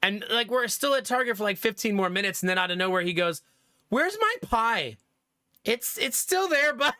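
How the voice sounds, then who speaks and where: A young man streaming, retelling everyday family moments in a loose, laughing, animated way. His voice sits high and sounds bright. The sound is close and dry, with no room around it. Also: no room sound. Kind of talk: casual storytelling to live chat.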